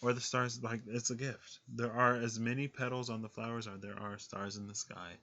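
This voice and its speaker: Rambling, forceful male tarot reader. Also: mid-range voice, little pitch movement, normal speed, lo-fi sound. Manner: rambling, lots of "like" and "um", laughs often. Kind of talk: casual tarot reading.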